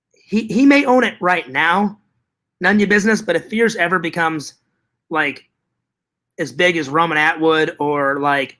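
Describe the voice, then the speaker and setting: A man with a fairly high pitch hosts an informal live stream. He reads chat messages aloud and fires back animated, profanity-laced answers that often repeat.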